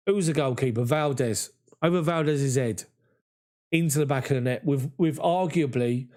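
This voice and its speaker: A man, hosting a live fan chat after a match and reading viewer comments in an excitable, chatty way. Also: medium pitch. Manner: excitable, chatty, mimics voices in anecdotes. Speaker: fan channel host.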